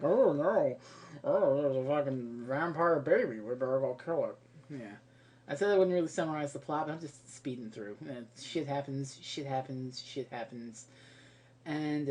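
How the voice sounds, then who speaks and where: A woman tearing into a movie in a ranting comedic review, her pitch leaping up and down as she talks. She swears freely and sounds exasperated. She jumps from loud outbursts to muttered asides. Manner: profane and exasperated, breaking into laughter.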